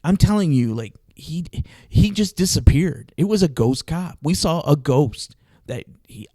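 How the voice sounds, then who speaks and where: A man casually telling an animated story on a podcast, laughing often. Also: a little high, a little slow, dry recording. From Arizona, US. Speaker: podcast host.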